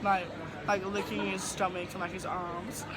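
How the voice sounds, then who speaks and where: A young woman chatting casually to camera in a vlog, giggly and jokey, full of fangirl excitement. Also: mid-range voice, normal speed, heavy background noise. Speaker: vlogger.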